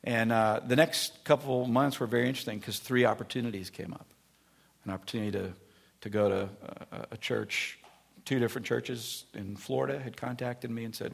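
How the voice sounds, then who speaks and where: A male pastor delivers a sermon in a lively storytelling way, slipping into the voices of the people he describes. His voice is gravelly and a little husky. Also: mid-range voice, moderate pace. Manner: animated storytelling, acting out voices.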